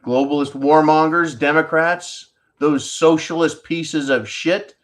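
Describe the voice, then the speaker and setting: A man's voice: on the high side, fairly even intonation, measured pace, a bit bright. A middle-aged man hosting a profane, sarcastic commentary monologue, talking straight to his viewers as folks. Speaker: channel host. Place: indoors, tropical home.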